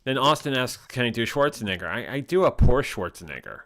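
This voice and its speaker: A man's voice: medium pitch, big pitch swings, a little fast, fairly bright tone, a little hiss or hum. Guy hosting a stream, reads chat comments, joking around, regular middle voice. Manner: jokey, reads out viewer comments. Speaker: host. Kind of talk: casual live-stream chat.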